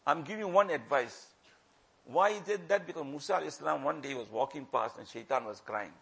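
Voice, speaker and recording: A man delivers a sermon in a husky, gravelly voice. He pleads and warns with passion, hammering phrases again and again and dropping suddenly to a near hush. His voice sits high for a man. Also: fast. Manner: impassioned, repeats phrases for emphasis, swings from loud to hushed. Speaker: religious preacher.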